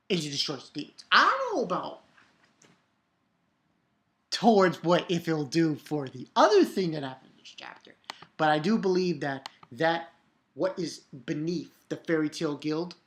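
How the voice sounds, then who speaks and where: A woman giving a casual spoken review of a manga chapter, excitable, swearing freely and restarting her sentences often. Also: sits low.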